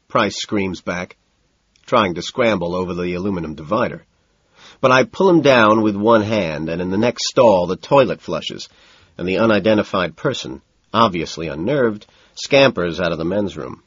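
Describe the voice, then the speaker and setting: A man narrates first-person fiction in a cool, measured way. His voice is very low and husky. The studio sound is dry and slightly dull. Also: no echo. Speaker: audiobook narrator.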